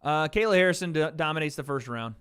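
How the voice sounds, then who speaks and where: Bright, profane streamer man. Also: a little high, quick pace, clear, resonant tone. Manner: blunt and profane, riffing on chat. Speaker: livestream host. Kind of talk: casual watch-party commentary.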